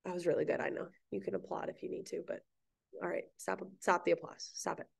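A woman's voice: lowish voice, flat delivery, quick pace, gravelly, breathy edge. A woman teacher giving a recorded history lecture in an empty classroom, playful, jokey and chatty.

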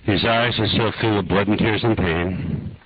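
An older man with a husky voice, leading a slow, earnest guided prayer as a preacher in a sermon. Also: on the low side, fairly even intonation, muffled recording, slight background noise.

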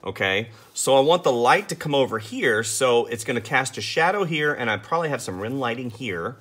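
A man's voice: medium pitch, lively intonation, brisk, fairly bright tone, breathy edge. A man talking casually through a drawing tutorial as he sketches, chatty and amused at himself. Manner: chatty, self-amused, talks while sketching. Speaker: artist teaching drawing.

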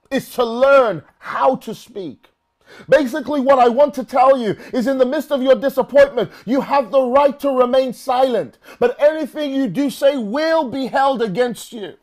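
Here a man, a pastor from London, gives a theatrical sermon. He performs quoted voices with swings in pitch and volume and keeps repeating words along the way.

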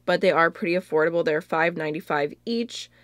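Young girl rambling about makeup, lotta "like"s, low-ish voice, dead dry room. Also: fairly quick, no echo. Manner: chatty, lots of "like" and "really, really". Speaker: beauty vlogger. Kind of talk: casual chat.

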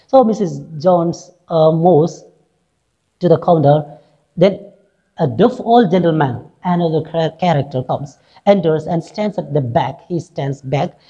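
A woman's voice: sits low, mellow. A woman teacher reading a play aloud and explaining each line in simple words, with many fillers and frequent "right?" checks. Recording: dull lo-fi recording.

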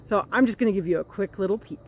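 A woman's voice: medium pitch, quick pace, a little hiss or hum. A woman chatting enthusiastically as she tours her garden and explains a recipe while she works. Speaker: homesteading vlogger. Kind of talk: casual cooking and garden vlog. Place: garden outdoors, then kitchen.

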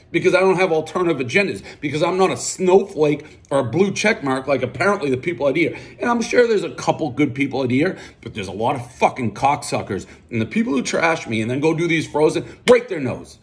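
A man's voice: a little high, lively intonation, quick pace, hardly any pauses. A man hosting a pizza review outdoors, ranting combatively, swearing constantly and boasting about himself.

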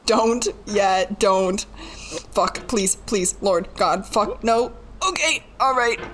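Slow-talking young woman streaming a frustrating game. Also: medium pitch, a bit bright. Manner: frustrated, pleading and swearing under her breath; self-mocking with bursts of laughter. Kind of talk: live gaming commentary.

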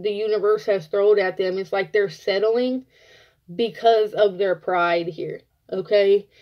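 A woman giving a casual tarot reading, blunt and profane, telling it like an animated story. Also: mid-range voice, lo-fi sound. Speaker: tarot reader.

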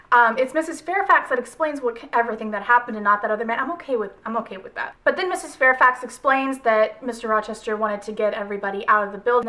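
A woman's voice: fairly high pitch, pushed and bright. A woman reviewing a film adaptation in a casual vlog, chatty and rambling with lots of fillers. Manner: gushing, emotional. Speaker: book vlogger.

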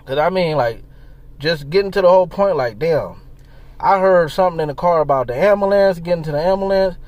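A man ranting in casual commentary, animated and profane, firing off rhetorical questions. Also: on the high side, brisk, no room sound, muffled recording. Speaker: commentary vlogger.

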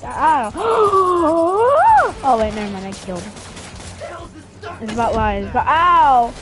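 A woman streaming a video game, giving goofy, excitable commentary full of yells and shrieks, with game music behind. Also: sits high, slow. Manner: goofy, loud, shrieks and play-fight yells. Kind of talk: excitable let's-play commentary.

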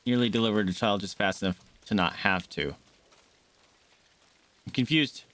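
A man streaming a game, chatting casually and shouting and swearing at enemies, with game music behind. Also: fairly low pitch, normal speed. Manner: excitable, yelling and swearing at enemies. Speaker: gaming streamer. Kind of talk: casual let's-play commentary.

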